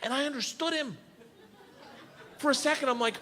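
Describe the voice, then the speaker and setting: A man doing stand-up storytelling, loud and excitable, swearing and building to shouts, on a roomy stage with audience noise. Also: very high-pitched, moderate pace, some chatter behind. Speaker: comedian.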